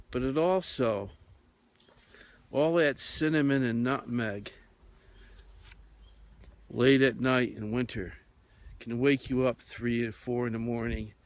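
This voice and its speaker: Brief: male radio host spinning a rambling tale, slow and full of fillers, mid-pitched voice. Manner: meandering, with many fillers. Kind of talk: rambling storytelling monologue.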